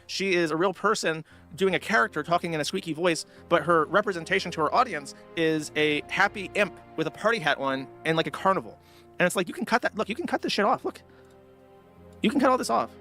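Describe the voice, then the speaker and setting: Blunt male streamer, rapid, slightly high voice. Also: animated, bright, forceful tone, faint music behind. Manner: blunt, mocking. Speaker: streamer host. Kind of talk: livestream commentary.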